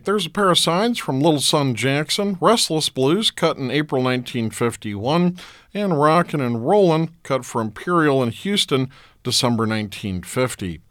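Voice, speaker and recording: Male radio host, relaxed informative delivery, dry close studio sound. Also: mid-range voice, no room sound. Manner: relaxed, informative back-announcing. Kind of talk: radio show announcing.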